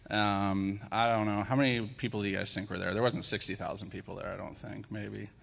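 A man in his thirties preaching in a church, soft-spoken and openly emotional. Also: on the low side, little pitch movement, a little fast, vocal fry. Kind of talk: sermon with worship prayer. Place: church sanctuary. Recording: long hall reverb in church.

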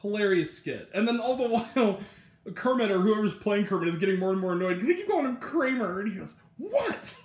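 A man's voice: high voice, lively intonation, quick pace. A young man reviewing a TV episode in a rambling, casual monologue, laughing often and acting out quotes. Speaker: TV review vlogger. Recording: echoey room.

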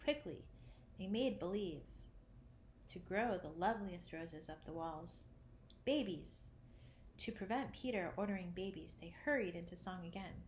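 A woman narrating a children's classic, reading gently and lifting her voice for the characters' lines. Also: mid-range voice, moderate pace, slight background noise. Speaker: audiobook narrator. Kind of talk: storybook reading.

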